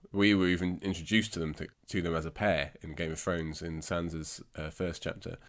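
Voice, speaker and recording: Congested man with low voice. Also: fairly bright tone. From England. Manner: self-deprecating, rambling with fillers. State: congested, scratchy throat. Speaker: podcast host. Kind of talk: casual podcast chat about books.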